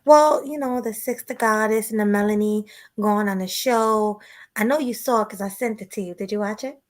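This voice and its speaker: A woman co-hosting a casual livestream podcast, chatting in a relaxed way and thanking her viewers. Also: mid-range voice, normal speed. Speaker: podcast co-host.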